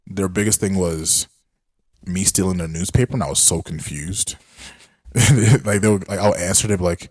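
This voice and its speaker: A young man co-hosts a podcast in a deep, darkish voice at normal speed, with clean studio sound and no echo. The talk is a casual chat, and he's laid-back, telling stories and acting out quotes.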